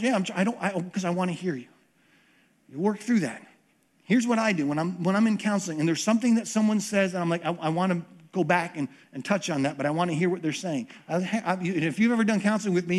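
A pastor preaching a conversational sermon, often repeating words and acting out what people say. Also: male voice, sits high.

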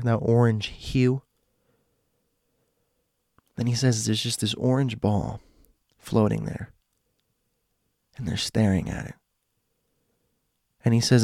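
Gravelly man telling a tale. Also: mid-range voice, no echo, clean studio sound. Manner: dramatic pauses, drops to a hush for suspense. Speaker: storyteller. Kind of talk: casual spoken storytelling.

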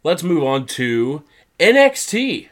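Animated man recapping wrestling shows. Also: takes it slowly. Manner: animated retelling, acts out quoted lines in high mock voices. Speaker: podcast co-host recapping wrestling. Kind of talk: casual chat.

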